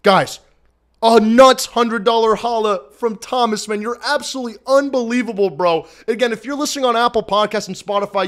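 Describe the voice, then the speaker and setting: Hyped high-voiced male stream host. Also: moderate pace, faint music behind. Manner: hyped, shouting, loud cheering bursts. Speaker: fan postgame show host. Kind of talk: excited livestream recap. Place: his apartment.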